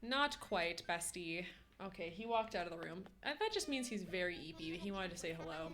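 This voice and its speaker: A woman's voice: fairly low pitch, expressive, brisk, a bit bright, a little hiss or hum. A young woman streaming from home, casually chatting and answering her chat with playful slang. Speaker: game streamer. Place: home room. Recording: roomy echo.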